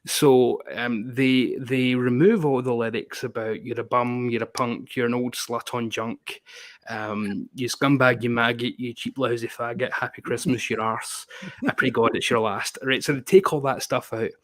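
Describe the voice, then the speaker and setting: A man holding forth on a live panel stream, mocking and profane. His voice sits at an ordinary middle pitch. It is recorded dry and close, with no room sound. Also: steady tone, normal speed, dry recording. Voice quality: sarcastic, swears a lot, mocking. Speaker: panelist on a music talk stream. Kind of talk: profane ranting casual chat.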